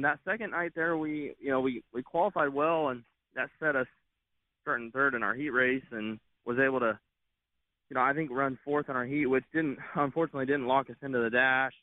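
A man's voice: mid-range voice, no echo. A man who drives race cars, chatting in an easygoing way as a guest over the phone, with lots of fillers. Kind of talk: casual interview on phone. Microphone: phone line. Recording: tinny phone line.

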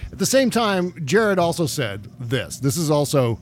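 Man, host of a casual talk show, sarcastic, pitch on the high side, very animated delivery. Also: moderate pace, slight background noise. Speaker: podcast host. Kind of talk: casual political chat.

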